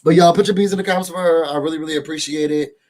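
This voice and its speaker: A man from New York reviewing a reality show for his viewers in casual chat, an animated, slangy storyteller. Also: fairly high pitch, rapid-fire. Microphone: studio microphone.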